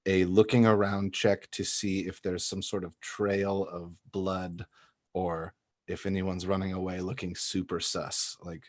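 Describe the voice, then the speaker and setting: A man's voice: deep voice, level tone, measured pace, dry recording, studio quality. A man playing in a tabletop game, joking around and laughing often in casual chat. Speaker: player.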